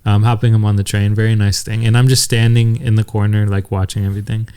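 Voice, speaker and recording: A man's voice: lowish voice, little pitch movement, fast talker, mellow, smooth. Young male podcast co-host, loose rambling storyteller, frequent laughs. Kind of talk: casual chat.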